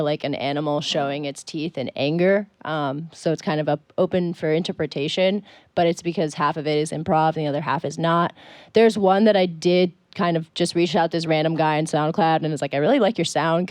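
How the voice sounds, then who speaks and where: A woman's voice: low-pitched, a little mellow, no echo. A young woman musician, a radio guest, talking casually about her album with many fillers. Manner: chatty, thinks aloud with fillers. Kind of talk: casual radio interview chat. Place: radio studio.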